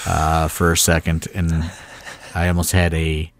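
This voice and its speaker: A man with a low voice co-hosts a casual podcast chat, recorded close and dry on a mic. He rambles through backstage stories with plenty of fillers and the odd curse. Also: completely flat delivery, unhurried, no room sound. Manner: rambling, filler-heavy storytelling with mild swearing. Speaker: podcast co-host, wrestling promoter.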